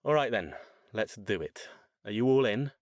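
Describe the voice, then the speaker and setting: A male narrator voicing a grim, dry-witted scholar-sorcerer who speaks in a measured, wry way. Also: fairly low pitch, lively intonation, dry recording, lightly acted.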